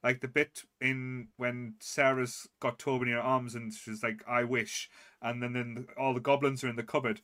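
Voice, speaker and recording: A male podcast co-host chatting casually about a film, relaxed, with restarts and the odd swear word. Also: medium pitch, normal speed.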